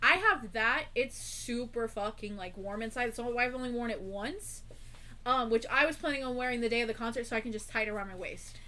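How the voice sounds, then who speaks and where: A woman's voice: a little high, brisk, pushed and bright. A woman co-hosting a casual livestream, chiming in with short quips and her own stories. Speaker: livestream co-host.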